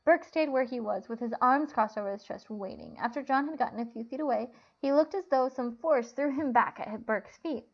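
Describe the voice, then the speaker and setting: A woman's voice: fairly high pitch, creaky. Woman reading a novel aloud. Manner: plain, unhurried reading with small slips. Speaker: narrator. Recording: dull lo-fi recording.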